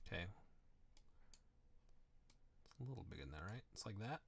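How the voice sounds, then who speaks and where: A man's voice: lowish voice, very animated, moderate pace, creaky, breathy edge. A man running a tabletop game as game master, prompting each player in turn and laughing often.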